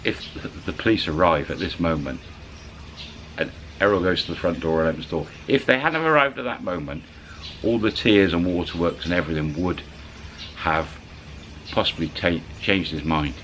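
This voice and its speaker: Man, low voice, chatty storyteller with a faint background hiss. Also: normal speed. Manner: colloquial, animated retelling of others' words. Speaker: channel storyteller. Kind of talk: casual spoken storytelling.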